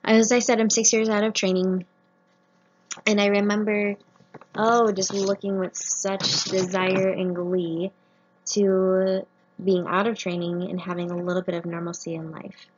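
In a muffled, lo-fi recording with slight background noise, a thirtysomething family doctor testifies earnestly about her faith and personal story before medical trainees. Her mid-range voice is flat and unhurried.

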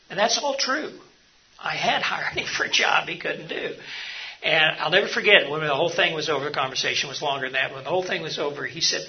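A middle-aged man gives an earnest, story-filled seminar talk in a slightly high, gravelly voice, with plenty of ums and uhs. The recording is dull and lo-fi. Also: fairly quick. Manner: earnest, anecdotal, speaks with frequent fillers. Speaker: mission hospital leader teaching a session.

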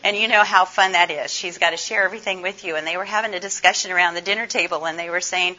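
Hoarse older woman giving a talk. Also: fairly low pitch, quick pace, few pauses, sharp tone. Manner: chatty, folksy, asks the audience questions. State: hoarse, scratchy from laryngitis. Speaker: conference speaker. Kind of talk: conference presentation. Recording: dull lo-fi recording.

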